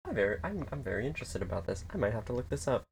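A man chatting casually about a film, rambling, swearing and acting out scenes in quick little quoted voices. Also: medium pitch, sing-song, vocal fry, slight background noise. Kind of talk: casual chat.

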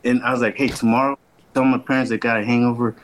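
Speaking quickly with a flat delivery, a young man with a mid-range voice runs through a long, laid-back podcast story. He curses freely, talks in slang and voices each person he quotes, and the audio is poor.

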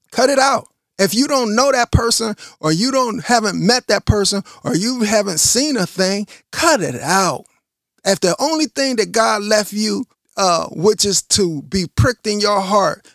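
Impassioned high-voiced gravelly man. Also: fairly bright tone, no echo, clean studio sound. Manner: impassioned, repetitive, confrontational. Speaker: religious podcast host. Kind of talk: preaching monologue.

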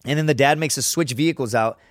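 A man's voice: mid-range voice, quick pace, no echo, studio quality. A young man from Laredo, Texas, telling a story as a podcast guest in a rambling, swearing, casual way. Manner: rambling, heavy swearing, frequent "right?" and "dude".

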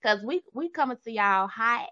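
Lively Southern woman with a Memphis twang. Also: fairly high pitch, normal speed, no room sound, lo-fi sound. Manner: lively, laughs often, playful teasing. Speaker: podcast co-host, therapist. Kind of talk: casual podcast chat.

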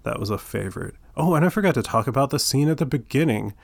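A man's voice: medium pitch, lively intonation, quick pace, creaky, no room sound, studio quality. A man hosting a casual podcast, rambling with lots of fillers and restarts, his voice stuffy from allergies. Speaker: podcast host.

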